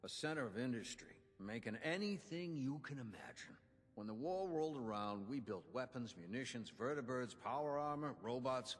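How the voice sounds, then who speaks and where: Actor for a gruff old inventor-quartermaster, folksy and showy, husky, lively pitch, reverb tail. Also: male voice, normal speed, lightly acted. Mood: earnest. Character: gruff older male union inventor and quartermaster. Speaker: game character giving quest dialogue.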